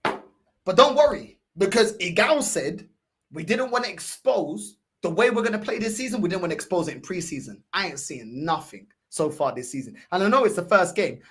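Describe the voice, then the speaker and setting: A woman's voice: on the low side, expressive, a little fast. Exasperated woman ranting about football. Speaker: football fan streamer. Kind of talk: ranting fan commentary.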